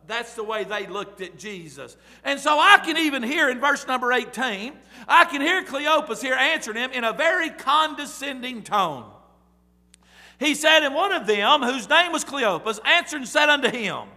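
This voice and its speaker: High bright-voiced preacher in a big hall. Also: male voice, lively intonation, moderate pace. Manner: preaching with bursts of loud emphasis. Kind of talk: sermon. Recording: long reverb of a large hall.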